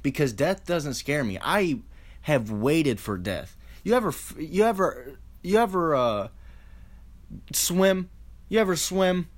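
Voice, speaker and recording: A man's voice: fairly high pitch, big pitch swings, slow. A man ranting in a casual monologue, swearing freely, restarting his sentences and throwing out rhetorical questions. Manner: profane, rambling, with frequent restarts and rhetorical questions.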